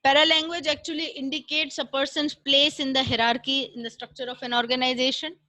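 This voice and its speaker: High, bright woman lecturing. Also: level tone, no room sound, low-quality recording. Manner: measured, explanatory, with frequent fillers. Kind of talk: online class lecture.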